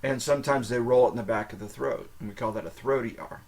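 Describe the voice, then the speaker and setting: Host: American man, mid-pitched, casual and halting, filler-heavy phrase practice. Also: gravelly, darkish tone. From United States. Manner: halting, repeats phrases, sprinkles "like" and "um". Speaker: podcast host. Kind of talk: casual language-learning monologue.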